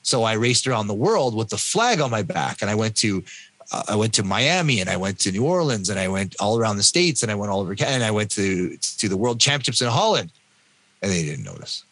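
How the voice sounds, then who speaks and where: A Canadian man in his fifties telling his own story in an interview with animated delivery, often acting out the voices of other people. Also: fairly low pitch, a little fast, no echo. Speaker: guest, endurance athlete and coach.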